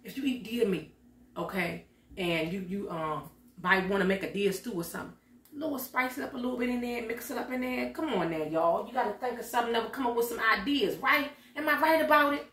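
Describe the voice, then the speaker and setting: A woman's voice: on the high side, brisk, a bit bright. A middle-aged woman vlogging from her home kitchen, chatting in a folksy way and talking straight to her viewers. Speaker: lifestyle vlogger. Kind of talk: casual chat to viewers. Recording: echoey room, voice from a distance.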